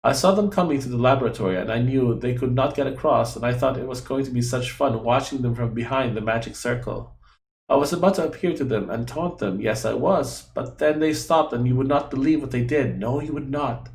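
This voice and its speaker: Fretful childlike female guardian, third-person talker, broken grammar, gravelly edge, a man doing the voice. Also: mid-range voice, fairly quick, darkish tone, echoey room, natural voice.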